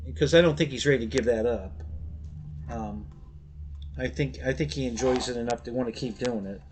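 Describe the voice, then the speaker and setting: A middle-aged man hosting a live stream, telling a story in a rambling, halting way, with many restarts. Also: medium pitch. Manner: laughs easily while telling stories. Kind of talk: casual live-stream chat.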